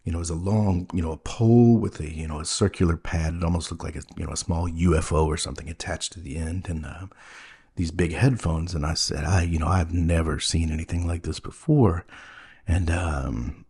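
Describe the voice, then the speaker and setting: A man with a low, mellow voice and a husky edge tells a comedy story in a deadpan, wide-eyed way. He halts often, filling gaps with ums and you-knows as he plays it earnest. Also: a little fast. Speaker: podcast host playing a naive character.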